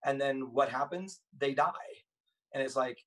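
A man's voice: medium pitch, a little slow, fairly bright tone, distant mic, rough recording. A man, a former police officer, telling stories as a podcast guest in an earnest, emphatic way. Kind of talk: casual storytelling conversation.

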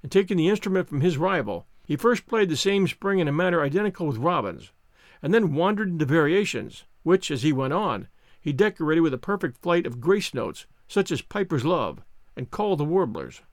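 A man reads a classic novel aloud in a measured storytelling style. His voice sits a touch high and moves expressively through its range. The recording is close and dry. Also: big pitch swings, no room sound. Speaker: audiobook reader and show host.

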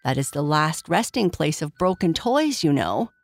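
A woman's voice: sits low, very animated, moderate pace, no echo, full character voice. A woman voicing a weary, sad old male jumping jack toy in a children's story.

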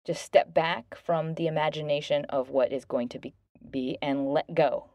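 A woman in her thirties hosting a self-help podcast, talking gently and earnestly about relationships. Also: low-pitched, dry recording, studio quality. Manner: gentle, earnest, bubbly when thanking listeners. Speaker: podcast host.

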